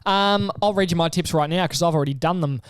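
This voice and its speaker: A man's voice: on the high side, fast talker, smooth, no room sound. A young Australian man co-hosting a podcast in casual chat, laid-back and teasing, reading out lists matter-of-factly. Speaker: podcast co-host.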